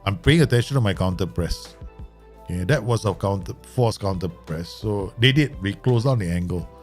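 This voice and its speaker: A man's voice: fairly low pitch, moderate pace, faint music behind. A man giving casual live commentary as he plays a football management game, rambling, swearing and laughing often. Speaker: game streamer.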